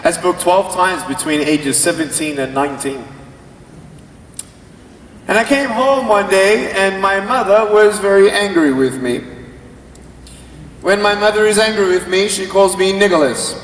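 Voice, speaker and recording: A man tells his life story from a stage, playful and acting out the dialogue. His voice sits high and moves unhurriedly. It is heard from far back in a big echoing hall with long reverb and faint noise. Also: unhurried, long pauses. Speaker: motivational speaker. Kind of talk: comic storytelling speech. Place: large convention hall. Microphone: far camera in the audience.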